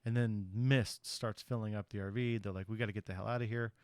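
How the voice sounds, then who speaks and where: A man's voice: on the low side, steady tone, a little fast, dry recording. A man on a podcast casually retelling a horror movie's plot in a rambling way, acting out the characters' lines and swearing loosely. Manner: loose, profane slang. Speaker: podcast host.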